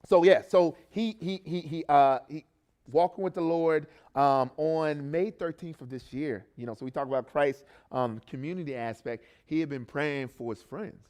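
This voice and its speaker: A man's voice: a little high, normal speed, darkish tone. Conversational man preaching a testimony. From not from Baltimore. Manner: conversational, many fillers and restarts, frequent "right?". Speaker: youth ministry coach. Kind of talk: sermon testimony.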